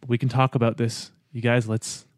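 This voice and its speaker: A man's voice: medium pitch, level tone, normal speed, darkish tone, no echo, studio quality. Stammering man playing a tabletop game. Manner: apologetic, stammering peacemaker. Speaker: player. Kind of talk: in-character tabletop play.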